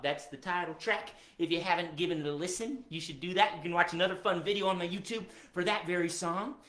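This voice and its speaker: A man's voice: sits high, a bit bright. A man hosting a live children's music show, speaking cheerfully and directly to the kids watching. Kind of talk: upbeat live kids' show talk. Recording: roomy echo, faint guitar.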